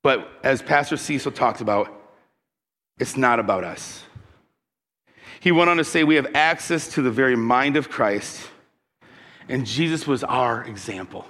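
A pastor delivering a conversational sermon, telling personal stories and putting questions to the congregation. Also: male voice, mid-range voice, lively intonation, unhurried, pauses often, fairly bright tone, long reverb tail.

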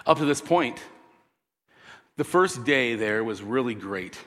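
A man preaching a sermon, telling the story with animated energy that builds to loud peaks. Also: medium pitch, a little slow. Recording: long hall reverb.

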